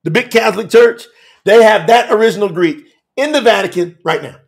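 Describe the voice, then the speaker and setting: A man preaching a fiery telethon sermon, emphatic and repetitive, swinging from shouts to hushed asides, with Southern US dialect grammar. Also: sits high, fairly quick, creaky.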